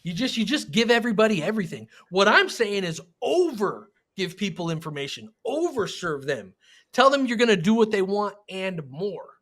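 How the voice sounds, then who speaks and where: A man hosting a panel discussion as a sales trainer, talking in a blunt, emphatic, animated way. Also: high voice, normal speed. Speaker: sales trainer and show host.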